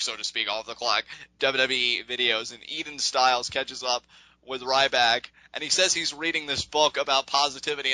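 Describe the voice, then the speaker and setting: Bright-voiced animated man. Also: medium pitch, no room sound, poor audio. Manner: animated, rambling, laughs often. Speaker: podcast co-host. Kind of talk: casual wrestling recap chat.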